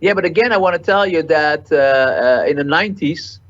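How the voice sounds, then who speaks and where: A man being interviewed as a market cycle analyst, answering in halting sentences with repeated words and many fillers. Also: on the high side, lively intonation, a bit bright, muffled recording.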